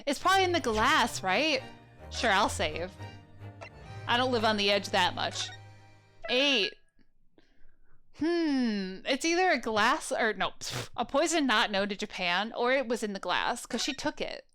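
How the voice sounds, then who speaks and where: Brief: casual woman let's play host, jokey, game music loud behind. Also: a little high, very animated, a little slow. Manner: chatty, joking asides.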